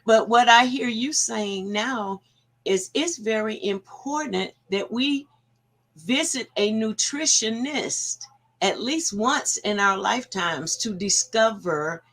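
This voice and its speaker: A woman's voice: mid-range voice, slow, fairly bright tone. A woman hosting a talk show, summing up her guest's points and adding her own experience. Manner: reflective, sums up and adds her own story.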